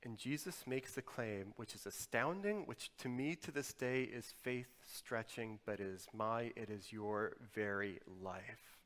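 A male pastor with a lowish voice preaches slowly with few pauses, sweeping dynamically from forceful, loud emphasis down to hushed, intimate tones. A long, lingering hall reverb carries his voice, as in a church sanctuary.

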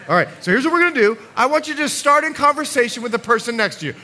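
Animated high-voiced male pastor preaching. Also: rapid-fire, hardly any pauses, a little hiss or hum. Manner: animated, playful, acts out quotes. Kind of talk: sermon. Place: church service.

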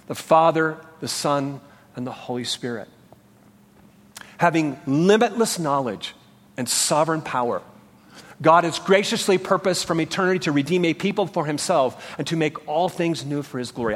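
A man preaching a sermon as pastor, earnest and emphatic, with rhetorical questions to the congregation. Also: fairly high pitch. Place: church sanctuary. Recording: church hall reverb.

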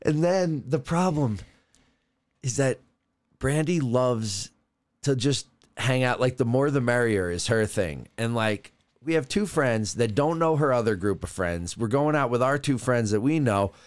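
A man's voice: medium pitch, animated, a little slow. A man co-hosting a comedy podcast, telling a rambling story with laughs and stumbling restarts. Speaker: podcast co-host. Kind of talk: casual comedic chat.

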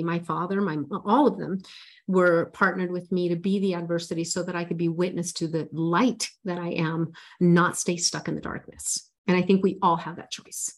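Earnest woman life coach telling her story. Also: on the low side. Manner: earnest, emotional, spiritual storytelling with many restarts. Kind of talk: interview storytelling.

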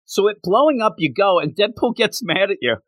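An animated man retells a comic scene by scene, jumping into character voices and laughing along the way. His pitch sits a little high and swings widely. The recording is dry and close. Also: brisk, dry recording. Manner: animated storytelling, acts out characters' lines, laughs often. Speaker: comic book podcast co-host. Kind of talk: casual chat recapping a comic.

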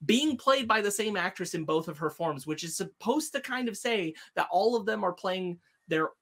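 A man co-hosting a podcast, chatting casually about a film in a quick, animated way, restarting his sentences as he thinks aloud. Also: high voice, vocal fry. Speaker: podcast co-host. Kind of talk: casual movie review chat.

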